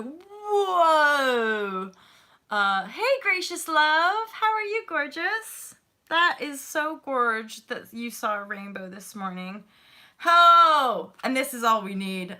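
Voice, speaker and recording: Bright, animated woman tarot host. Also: medium pitch. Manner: animated, gushing, chatty with viewers, swears casually. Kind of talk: live-stream tarot reading.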